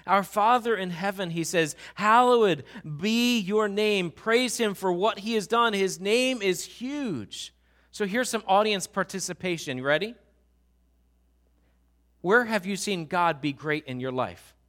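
A male pastor delivering a sermon with a bright, forceful voice that sits a little high. He drops into hushed, slowed prayer and then climbs into loud, ringing exhortation. He tells stories full of restarts and quoted voices. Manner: swings from hushed, slow prayerful passages to loud, rising exhortation.

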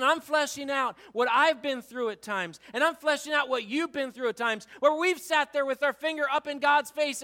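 A male pastor preaching a sermon in a church, dramatic, swinging from hushed talk to shouting. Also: very high-pitched.

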